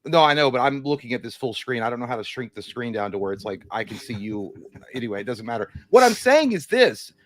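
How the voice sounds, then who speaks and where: A man chatting on a casual movie livestream, rambling from one joke to the next and now and then reading an article aloud. His voice sits at a middle pitch. The desk mic sounds close and dry, with no room echo. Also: steady tone, quick pace, a bit bright. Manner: rambling, jokey, reads news aloud. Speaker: podcast co-host.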